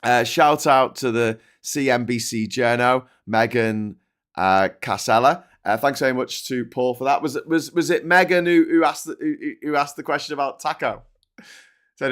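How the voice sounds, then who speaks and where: Sweary sarcastic British man ranting. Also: moderate pace. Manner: sweary, sarcastic, stumbles and repeats words, pitch jumps when worked up. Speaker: host of a political commentary show. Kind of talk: casual ranting commentary.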